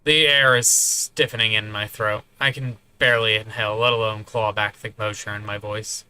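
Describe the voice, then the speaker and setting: A man narrating a visual novel in a soft, measured inner-monologue voice. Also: on the low side, fairly even intonation, clear, resonant tone. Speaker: game streamer reading aloud.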